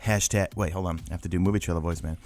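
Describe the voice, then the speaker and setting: A man's voice: sits low, fairly even intonation, racing, a little mellow. Man giving an emphatic, casual game update. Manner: emphatic, talks straight to viewers. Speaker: gaming YouTuber.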